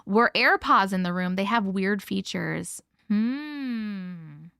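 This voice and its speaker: A woman's voice: medium pitch, lively intonation, slow, vocal fry, fairly bright tone, smooth, dry recording, clean studio sound. A young woman with a Long Island accent, hosting a casual live stream chat, giggly and swearing freely as she reads comments aloud. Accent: Long Island New York. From Long Island, New York. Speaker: host.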